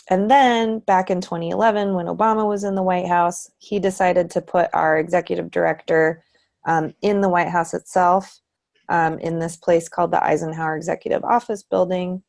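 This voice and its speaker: A woman giving a relaxed online tutorial presentation, with frequent ums. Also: on the low side, creaky. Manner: relaxed, many ums, light laughs. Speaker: presenter for a research committee.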